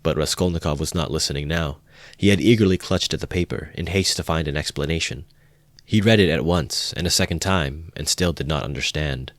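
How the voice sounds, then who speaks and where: A man narrating a classic novel in a measured amateur audiobook reading. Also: a bass voice, no room sound.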